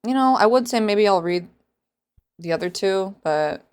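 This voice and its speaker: A woman's voice: medium pitch, lively intonation, moderate pace, a little mellow, clear, resonant tone. A woman hosting a casual book reaction vlog, sarcastic and rambling, often laughing at her own jokes. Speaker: book reviewer.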